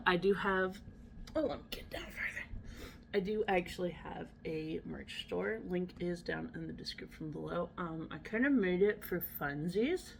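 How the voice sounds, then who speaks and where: A woman's voice: on the low side, a little hiss or hum. A woman vlogger chatting casually about her day, rambling with lots of fillers. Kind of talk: casual daily vlog chat.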